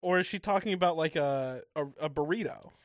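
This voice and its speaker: A woman's voice: deep voice, a little fast, no echo, clean studio sound. A woman co-hosting a casual recap podcast, chatty and joking. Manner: chatty, laughing, jokey asides. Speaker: podcast co-host.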